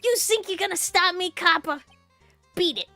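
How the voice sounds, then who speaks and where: A woman voicing a gruff male street thug from a video game with a put-on East Coast accent, talking in a tough, mocking way. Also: very high-pitched, moderate pace, sharp tone, soft background music, pitched above the performer's own voice, full character voice. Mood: menacing. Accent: put-on East Coast American.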